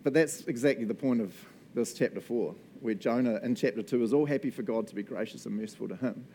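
A man's voice: mid-range voice, quick pace, warm tone, a little hiss or hum. A man with a New Zealand accent preaching a sermon in a jokey manner, laughing often. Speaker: pastor.

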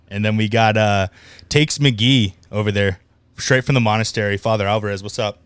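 A man hosting a casual sports podcast, upbeat and chatty, quick to laugh, talking over a remote call microphone. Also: lowish voice, a bit bright, smooth, no echo. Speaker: podcast host.

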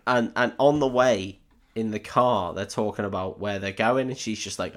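A man's voice: fairly low pitch, normal speed, fairly bright tone. A drunk man rambling through a sweary, laughing film recap as a podcast co-host. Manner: rambling, sweary, laughing retelling with quoted voices.

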